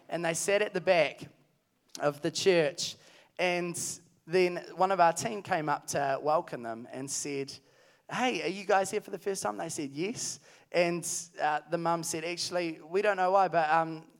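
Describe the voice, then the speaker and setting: A man preaching at a youth camp, telling a story earnestly and then calling energetically to the crowd. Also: a little high. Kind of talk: sermon. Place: large hall at a camp.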